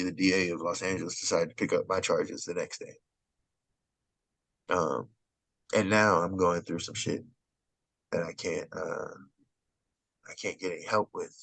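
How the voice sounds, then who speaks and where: A man's voice: sits low, gravelly, a bit bright, no room sound. A man, a stand-up comedian guest, telling a long story in casual conversation in an indignant, rambling way. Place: Los Angeles.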